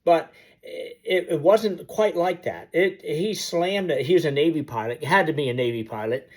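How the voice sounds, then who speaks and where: A man's voice: a little high, moderate pace, a little mellow. A man telling a personal story to the camera in a vivid, sound-effect-filled storytelling manner, aiming to inspire. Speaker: motivational storyteller. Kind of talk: personal anecdote told to camera.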